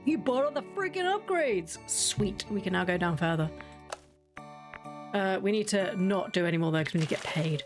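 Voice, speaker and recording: A woman giving casual, rambling commentary while playing a video game, chatty and quick to laugh. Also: mid-range voice, expressive, soft background music. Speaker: game streamer.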